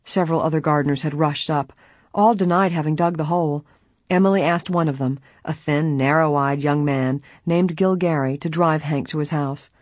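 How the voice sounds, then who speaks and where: Woman reading a storybook, measured and steady, bit husky, dry close studio sound. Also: low-pitched, no room sound. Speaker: narrator. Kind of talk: audiobook narration.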